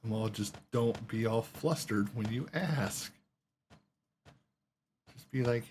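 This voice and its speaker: A man's voice: mid-range voice, slow, long pauses, a little mellow, a little hiss or hum. A man telling a long story while playing a game, rambling along with lots of swearing and quoted voices. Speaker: gaming streamer.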